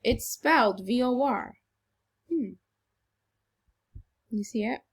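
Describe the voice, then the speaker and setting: A woman teacher giving a recorded phonics lesson to children, slow, encouraging and deliberately exaggerated. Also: on the high side, expressive, husky.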